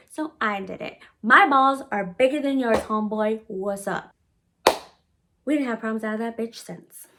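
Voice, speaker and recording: A woman's voice: a little high, fairly bright tone. Brash, profane woman telling a story. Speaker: vlogger telling a personal story. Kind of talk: casual storytime.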